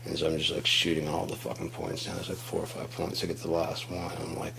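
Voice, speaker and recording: A man's voice: rumbling low, level tone, fast, vocal fry, few pauses, noisy background. A man in a casual monologue, telling stories in a rambling, profane way and acting out quotes. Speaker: host.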